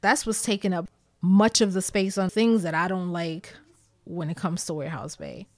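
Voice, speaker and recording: A woman's voice: fairly low pitch, steady tone, normal speed, dry recording. A woman with a New York accent talking candidly to her viewers, blunt and emphatic, with plenty of swearing. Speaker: vlogger. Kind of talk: candid storytime talk to viewers.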